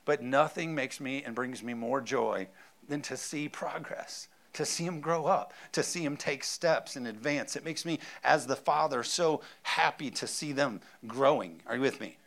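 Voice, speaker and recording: A man in his thirties preaching a sermon, animated, laughing often and asking the congregation whether they are with him. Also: medium pitch, normal speed. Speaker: pastor.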